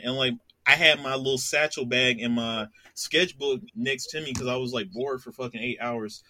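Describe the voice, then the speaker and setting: Young man, casual storytelling, bright forceful voice, dry close sound, laughs a lot. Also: medium pitch, steady tone, moderate pace, hardly any pauses, no room sound. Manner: laughs a lot, acts out voices in his anecdote.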